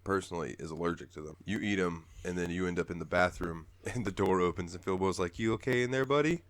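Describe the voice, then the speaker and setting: A man's voice: low voice, little pitch movement, fast. A man co-hosting a podcast, chatting casually and rambling about a game, laughing often and swearing freely. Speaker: podcast co-host. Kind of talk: casual game review chat.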